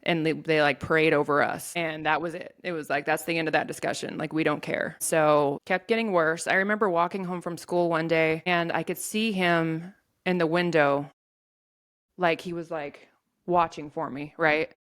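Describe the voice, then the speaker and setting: A woman telling a painful personal story in an interview, in a halting way with many restarts. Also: low-pitched, fairly even intonation, fairly bright tone. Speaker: guest sharing her story.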